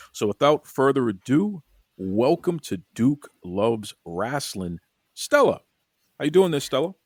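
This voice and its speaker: A man with a Boston accent hosting a casual podcast interview, energetic and folksy, often repeating his words. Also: lowish voice, dry recording, studio quality. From Boston, USA. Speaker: podcast host.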